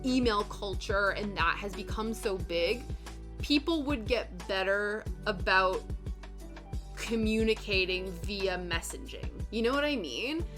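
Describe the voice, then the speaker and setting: Woman streamer, casual rambly chat, middle pitch, soft music under her. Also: expressive, unhurried. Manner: chatty, rambling, lots of "like" and acted-out quotes. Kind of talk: casual chat while cross stitching, reading chat. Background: soft background music.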